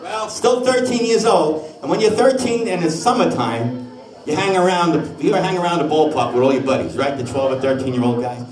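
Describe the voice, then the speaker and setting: A man's voice: fairly high pitch, expressive, fairly quick. An older man, an oldies singer and comedian, chatting with his audience and telling a jokey neighborhood story between songs on a live stage. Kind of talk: live concert banter and singing. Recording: echoey live hall, mic from a distance, band playing loud.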